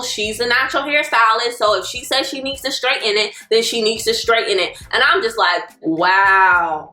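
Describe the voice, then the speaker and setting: A woman, telling a personal story as a vlogger in an animated, exasperated way. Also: on the high side, roomy sound. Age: 20s. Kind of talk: storytelling vlog.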